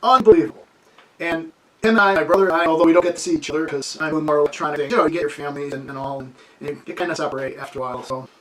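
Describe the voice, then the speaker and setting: A man in his sixties telling a childhood story at home in a casual, animated way, laughing often and acting out the scenes. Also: a little high, racing, over a noisy crowd, poor audio. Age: 60s. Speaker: amateur radio hobbyist. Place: home with a wood stove.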